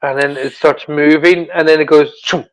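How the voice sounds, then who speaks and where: A man's voice: a little high, moderate pace, no echo, low-quality recording. A man, a psychic medium guest, chatting in a casual interview and animatedly acting out what he describes with sound effects. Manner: animated storyteller, acts out sounds.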